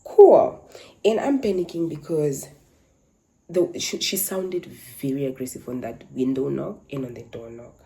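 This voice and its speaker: A woman's voice: extremely low pitch, measured pace, gravelly, mellow, low-quality recording. A young woman, animatedly telling a dramatic story from her life in casual chat. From Namibia. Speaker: content creator.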